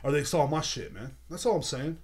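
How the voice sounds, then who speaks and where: A man's voice: on the high side, fairly quick, darkish tone, slightly rough. Swearing, ranting male podcast host. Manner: heated, swearing, repeats himself. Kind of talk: profane rant. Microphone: video podcast mic.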